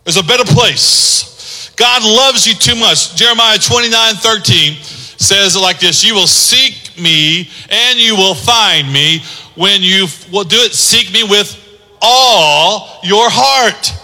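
High bright preacher in a reverberant hall. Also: male voice, slow pace. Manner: builds from quiet teaching to loud preaching. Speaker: pastor. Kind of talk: sermon.

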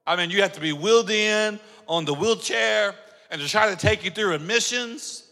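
High, gravelly preaching man in a hall. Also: moderate pace. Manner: animated storytelling, acts out dialogue, builds to shouting. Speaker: pastor. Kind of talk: sermon. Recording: long hall reverb.

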